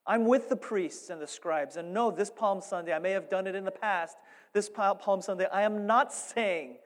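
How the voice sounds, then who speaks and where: A man preaching a sermon as pastor, animated and playful, with emphatic rises and asides. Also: sits high, moderate pace, long reverb tail.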